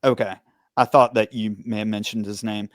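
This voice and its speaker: A man hosting a true-crime podcast interview, asking steady questions and recounting his side of events. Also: on the low side, moderate pace, dry recording, studio quality. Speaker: podcast host, former police officer. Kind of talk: conversational interview.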